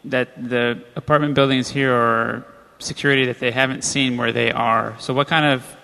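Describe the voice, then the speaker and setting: A man in a class audience asks a halting question in a gravelly, bright voice. He sounds off-mic, and the sound rings with a long hall echo. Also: medium pitch, steady tone. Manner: halting, restarts mid-question. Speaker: audience member asking a question.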